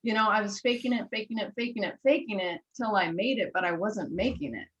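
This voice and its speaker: A woman's voice: mid-range voice, fast talker, a bit bright, muffled recording. A woman hosting an interview, telling stories with enthusiasm and acting out dialogue. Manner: enthusiastic storyteller, acts out dialogue. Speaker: host. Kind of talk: conversational interview.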